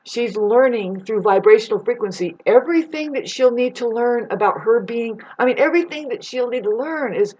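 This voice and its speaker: A woman's voice: a little high, animated, moderate pace, few pauses, darkish tone. Female vlogger, loose rambling delivery, casual swearing, pet name for viewers, muffled lo-fi recording. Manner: rambling, swears, calls listeners "babes". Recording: dull lo-fi recording.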